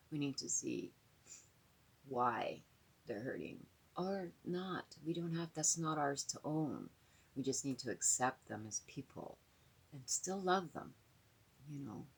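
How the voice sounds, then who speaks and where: A middle-aged woman with a low, husky voice talks to her viewers in a loose, rambling way. She is earnest and keeps circling back with fillers and repeated words. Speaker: vlogger. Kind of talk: casual talk to camera.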